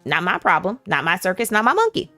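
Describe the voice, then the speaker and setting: Woman voicing a relaxed retired Southern old lady for a game, folksy drawl, lively pitch, dry sound. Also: quick pace, no room sound, soft background music. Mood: folksy advice. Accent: put-on Southern drawl.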